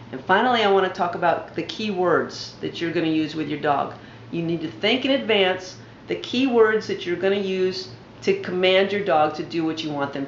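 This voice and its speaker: Calm woman explaining dog training steps. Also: on the low side, a little hiss or hum. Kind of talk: instructional voice-over. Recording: roomy, dull lo-fi home video audio.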